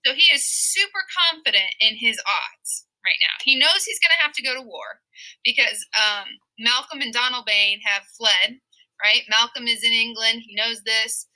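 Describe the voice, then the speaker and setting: A woman's voice: a little high, moderate pace, rough recording. A woman teaching a literature lesson in a casual, playful way, acting out lines in silly voices. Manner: lively, playful, acts out quotes in silly voices.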